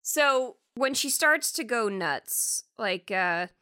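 A woman's voice: fairly high pitch, animated, slow, sharp tone. A woman co-hosting a podcast who laughs often and recaps a film in a chatty way, full of fillers. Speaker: podcast co-host. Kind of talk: casual film discussion.

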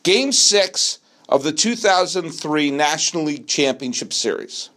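A middle-aged man hosts a solo sports talk show, arguing his case with animated conviction. His voice sits a bit high for a man. He talks at an unhurried, deliberate pace and drags out words for emphasis. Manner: animated, argumentative, slows down for emphasis. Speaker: podcast host. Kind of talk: solo sports talk, answering a listener question.

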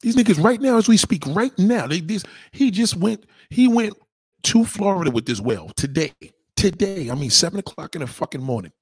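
A husky man on a heated, swearing rant. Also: sits high, expressive, a little fast, dry recording. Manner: heated, emphatic, swings between loud outbursts and muttering. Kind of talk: profane ranting monologue.

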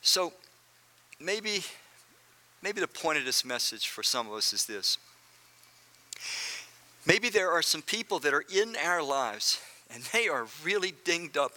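Earnest preacher man, bright forceful voice. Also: on the high side, sing-song, measured pace, long pauses. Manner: earnest, addresses the congregation directly; repeats phrases for emphasis. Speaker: pastor. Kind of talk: sermon.

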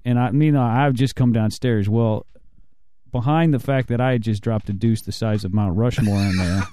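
A man rambles through a crude story, swearing freely and breaking into laughter. His pitch sits mid-range. The delivery is loose, casual chat between friends. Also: normal speed, dark tone, smooth, no echo.

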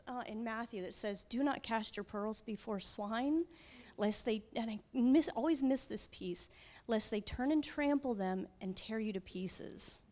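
Pastor's wife sharing her story, halting and emotional, lots of ums. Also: on the high side, darkish tone. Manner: emotional, halting, many fillers. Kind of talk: personal testimony.

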